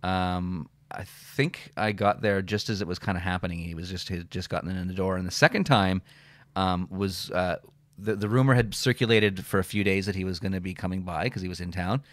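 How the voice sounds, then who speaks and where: A man's voice: low voice, steady tone, fairly quick, dry recording, clean studio sound. A middle-aged man, a comedian and radio host, telling rambling stories with lots of filler words and some swearing in a casual interview.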